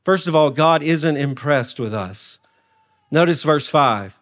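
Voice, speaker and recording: A man pastor preaching a sermon in a humorous, animated manner. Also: fairly high pitch, takes it slowly, big-room sound.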